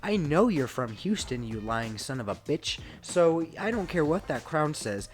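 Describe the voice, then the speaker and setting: A tough, defiant English wrestler tells his king off in a loud, raised voice, as a man puts on a rough mock accent. He swears freely and sounds fed up, boasting about his own hard past. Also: fairly high pitch, big pitch swings, unhurried, pitched above the performer's own voice. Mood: defiant angry.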